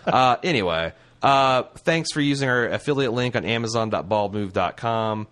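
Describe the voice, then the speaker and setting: A man's voice: medium pitch, expressive, normal speed, a bit bright. A man co-hosting a podcast, chatting casually in a loose, rambling, jokey way. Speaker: podcast co-host.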